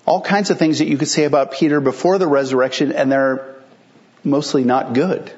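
A man's voice: a little high, fairly even intonation, moderate pace, a little mellow, lo-fi sound. Man preaching a conversational sermon. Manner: conversational, explanatory preaching with rhetorical questions. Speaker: pastor.

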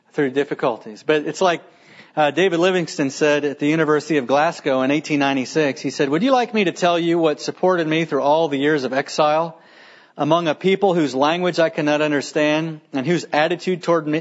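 A pastor preaching with an earnest, emphatic delivery and a fairly high voice for a man. He presses his points with rhetorical questions, heard through a dull, lo-fi sermon recording.

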